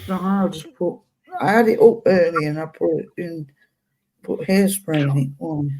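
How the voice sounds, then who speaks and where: A sleepy woman, just woken up, talking softly in casual chat. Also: lowish voice, normal speed, background noise.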